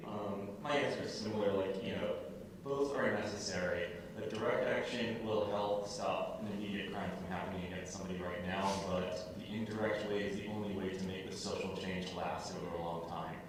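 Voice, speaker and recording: A man's voice: deep voice, fairly even intonation, a little fast, noisy background. A man speaking on a convention panel, hesitant, with many fillers. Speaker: panelist educator. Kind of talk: panel discussion. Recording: distant mic in echoey hall.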